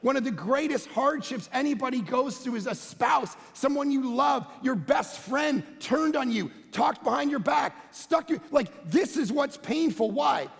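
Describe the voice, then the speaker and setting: A man, a pastor, preaching a conversational sermon that swings between loud emphatic bursts and quiet low asides. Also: expressive, unhurried, vocal fry, few pauses. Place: church auditorium. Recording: long hall reverb.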